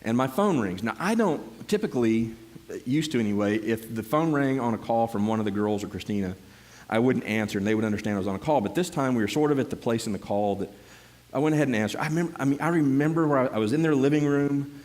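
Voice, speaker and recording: A middle-aged man shares his testimony with a congregation. He tells it in an animated way, stumbling over restarts and repeated words, with a voice in the middle of the male range. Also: mid-range voice, quick pace. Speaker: church member giving a testimony.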